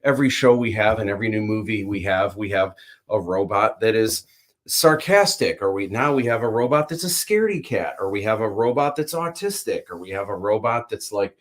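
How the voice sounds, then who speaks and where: A man hosting a livestream, chatting casually, rambling through animated opinions full of fillers and restarts. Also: lowish voice, brisk. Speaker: livestream host. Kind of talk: casual chat.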